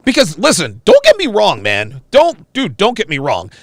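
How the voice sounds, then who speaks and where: A man's voice: high voice, huge pitch swings, normal speed, no room sound, studio quality. A man hosting a livestream, giving casual, profane reaction commentary and talking to viewers as "dude.". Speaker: livestream host reacting to a video.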